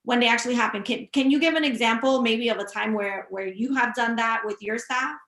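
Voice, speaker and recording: Woman host, bright, emphatic, echoey room. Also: fairly high pitch, brisk. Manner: emphatic, summarizing and prompting the guest. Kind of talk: casual leadership chat. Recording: roomy echo.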